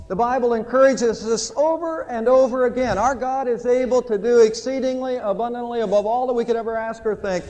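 A pastor preaches a sermon in an emphatic, storytelling manner. His voice sits fairly high for a man. The church sanctuary adds a long reverb tail to every phrase. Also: a little mellow.

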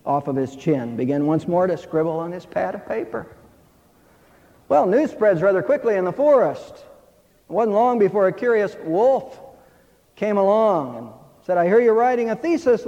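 Man, preacher, high voice, emphatic storytelling, muffled recording. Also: vocal fry, warm tone. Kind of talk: sermon with a told fable. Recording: dull hall reverb.

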